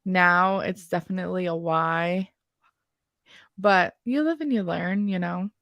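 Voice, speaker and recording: A woman's voice: lowish voice, a little slow, creaky, a bit bright, no room sound. A young woman in her twenties co-hosting a podcast, asking questions in a playful, teasing way. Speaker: podcast co-host. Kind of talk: casual chat.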